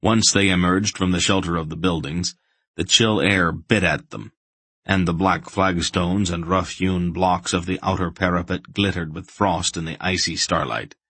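A male audiobook narrator reading fantasy in a measured, deliberate way. His voice is very low and gravelly, with a husky grain. The sound is close and dry. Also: steady tone, a bit bright, dry recording.

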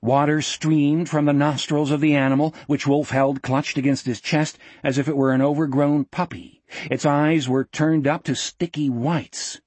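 Give me a man narrating an audiobook with steady, dramatic storytelling. His voice is husky with a rough edge, recorded dry and close with no room sound. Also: a little high, normal speed, no room sound. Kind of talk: scripted narration.

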